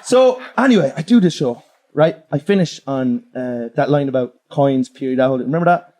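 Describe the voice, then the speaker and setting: A young man doing crude stand-up on stage, laughing as he swings between high yelps and low mutters. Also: animated, brisk. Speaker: stand-up comedian. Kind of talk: live stand-up set. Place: comedy club stage. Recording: live club with loud crowd laughter.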